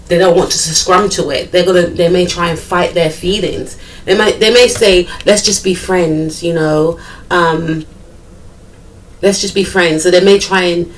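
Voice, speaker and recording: A woman's voice: on the low side, distant mic, slight background noise, low-quality recording. A woman giving a chatty tarot card reading, thinking aloud and repeating her phrases. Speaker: tarot reader.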